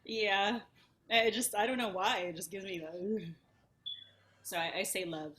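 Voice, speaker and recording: A woman joins a casual chat in a bright, clear voice. She speaks slowly and hesitantly, with light giggles. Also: mid-range voice, steady tone. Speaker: study group participant.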